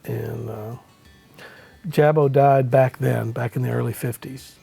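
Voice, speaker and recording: A middle-aged man, a musician guest, telling a rambling story in a relaxed way, with many fillers and acted-out quotes. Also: medium pitch, measured pace, gravelly, husky, soft background music. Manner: acts out quoted lines in the story. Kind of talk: casual anecdotal storytelling.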